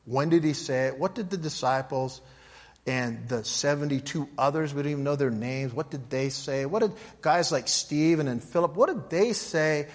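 A middle-aged pastor delivers a teaching sermon with a slightly higher male voice. He tells his story in an animated way, acting out both sides of each exchange with swings in pitch and volume. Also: normal speed.

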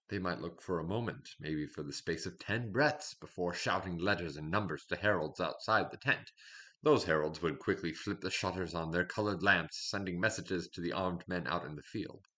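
A man in steady, measured scripted fiction narration. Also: low voice. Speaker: storyteller.

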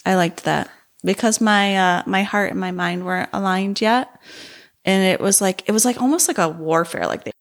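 A woman co-hosting a podcast, talking in a relaxed, casual way. She sounds animated and laughs often, like a lively storyteller. Her voice sits at a middle pitch. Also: moderate pace, vocal fry. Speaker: podcast co-host. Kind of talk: casual chat.

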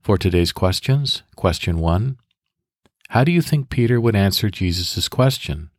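Deep-voiced man leading calm guided prayer. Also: no room sound, studio quality. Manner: calm, measured, instructive pacing. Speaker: devotional podcast host. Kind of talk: guided prayer and scripture meditation.

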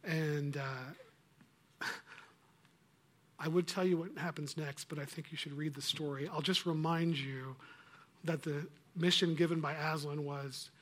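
Guy preaching, animated storyteller, kinda high voice. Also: normal speed. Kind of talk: sermon.

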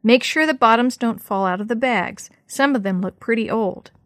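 Storybook grown-up man, steady and practical, read by a woman, dry close sound. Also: a little high, moderate pace, no room sound, close to an everyday voice. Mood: instructive. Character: adult man, a calm organizing grown-up.

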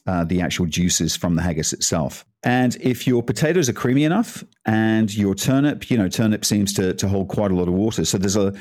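A man's voice: fairly low pitch, expressive, brisk, few pauses, darkish tone, no echo, clean studio sound. A man giving a casual, chatty cooking talk, rambling into asides and laughing as he goes. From Scotland. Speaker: cooking presenter.

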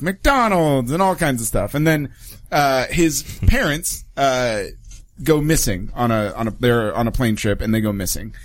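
Chatty man rambling through a review. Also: mid-range voice. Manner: rambling, laughs often, many fillers. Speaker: podcast co-host. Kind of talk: casual chat and film review.

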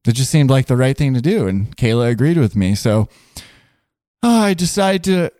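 A man's voice: mid-range voice, expressive, normal speed, mellow, no room sound, studio quality. A man telling a funny story in casual podcast chat, rambling with lots of fillers. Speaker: guest storyteller.

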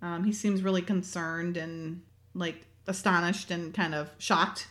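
A woman's voice: on the low side, measured pace. A woman hosting a casual chat, recapping a TV episode, laughing often and acting out the characters. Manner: animated, laughs often, acts out the characters' lines. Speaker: podcast host.

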